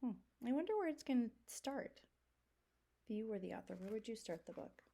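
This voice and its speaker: Woman teacher reading aloud to second graders, expressive, lively pitch. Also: a little fast, vocal fry. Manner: expressive, asks the class questions. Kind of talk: reading a children's book aloud to a class.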